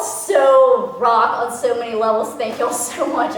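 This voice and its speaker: A woman's voice: fairly high pitch, normal speed, a little hiss or hum. Gushing woman, echoey distant recording. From Louisiana, US. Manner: gushing, gasping, breathless excitement. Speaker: vlogger. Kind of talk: excited unboxing chat.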